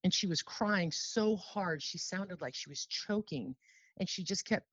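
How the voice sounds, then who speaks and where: A woman telling her personal story as an interview guest, earnest and heartfelt, emotional and near tears, slowing down on solemn phrases. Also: on the low side, no echo, lo-fi sound.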